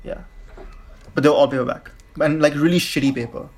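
A young man from India, a podcast guest, talking in a relaxed, halting way with many likes and restarts. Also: on the high side. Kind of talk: casual conversation.

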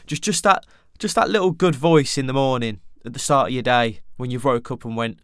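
Young guy, solo podcast host, candid and rambling with casual swearing, smooth voice, mid pitch. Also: brisk, few pauses, dry recording, clean studio sound.

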